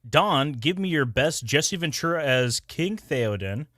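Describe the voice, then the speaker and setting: A man's voice: on the high side, expressive, a little slow, a bit bright, no room sound, studio quality. A man co-hosting a livestream in casual, joking banter, laughing and trying out impressions. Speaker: co-host.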